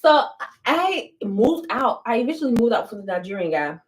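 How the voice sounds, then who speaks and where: A woman's voice: fairly high pitch, sing-song, normal speed. A young woman telling stories to viewers in a casual get-ready-with-me vlog, blunt and full of profanity. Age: young adult. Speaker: vlogger.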